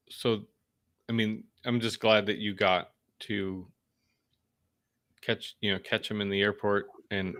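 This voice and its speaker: Low-voiced man in relaxed podcast chat. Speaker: podcast co-host. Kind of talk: casual chat.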